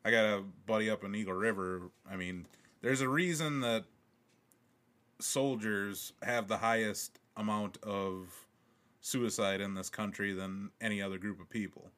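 Bright-voiced joking podcast guy. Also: lowish voice, unhurried. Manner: crude, joking, rambling. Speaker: podcast co-host. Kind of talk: casual chat.

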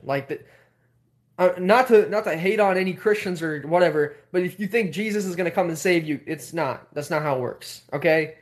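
High-voiced man rambling animatedly. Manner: rambling, animated, heavy on filler words. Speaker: host. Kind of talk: casual storytelling on a livestream.

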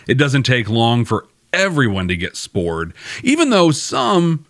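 A young man hosting a casual, wry episode recap with animated asides. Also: medium pitch, a little slow, no echo, studio quality. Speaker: host.

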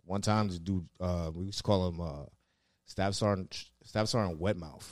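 A man's voice: deep voice, moderate pace, no echo, clean studio sound. A man telling rambling, profanity-laced stories in casual chat, full of fillers. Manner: laid-back, swears a lot, lots of fillers. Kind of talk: casual storytelling.

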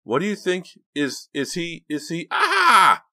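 A man voicing an excitable, easily frightened teenage girl in an audiobook, with a breathless, urgent delivery. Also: lowish voice, slow pace, voice pushed up, full character voice. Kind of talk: audiobook character voice.

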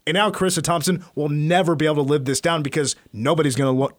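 A sports radio host with a slightly high voice talks fast, animatedly retelling sports stories on his show in a casual way. The recording has no room sound.

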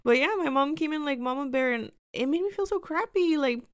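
A woman's voice: high voice, expressive, a little fast, dry recording, studio quality. Chatty woman telling personal stories. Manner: chatty, filler-heavy, acts out quoted people. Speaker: storyteller. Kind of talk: casual personal storytelling.

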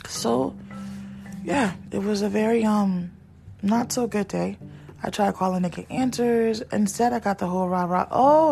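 A woman's voice: mid-range voice, vocal fry, a little mellow. A young adult woman venting in a blunt, frustrated storytime, repeating herself for emphasis. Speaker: vlogger.

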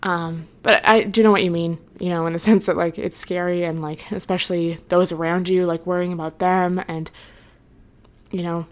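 Speaking at a normal speed with little pitch movement, a young woman with a lowish voice hosts her podcast alone. It's a casual, earnest, reassuring chat peppered with "like" and trailing thoughts.

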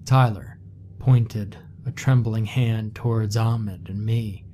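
Slow dark-voiced male horror narrator. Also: on the low side, fairly even intonation, slight background noise. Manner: slow, measured, somber. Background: faint music.

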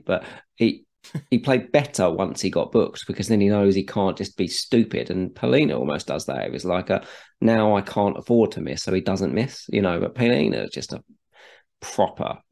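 A man's voice: sits low, lively intonation, normal speed, gravelly, darkish tone. A man in casual podcast chat about football, talking loosely and repeating words as he restarts. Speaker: podcast co-host.

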